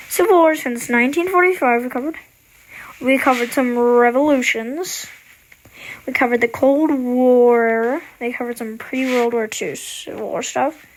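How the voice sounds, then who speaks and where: A woman's voice: a little high, slight background noise. A woman casually explaining history in a rambling, slangy, offhand way. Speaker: video creator.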